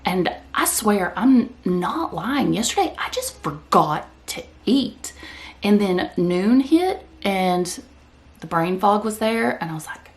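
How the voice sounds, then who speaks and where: Speaking slowly in an expressive, mid-range voice, a woman vlogger rambles casually to the camera. She's chatty and sometimes talks with her mouth full.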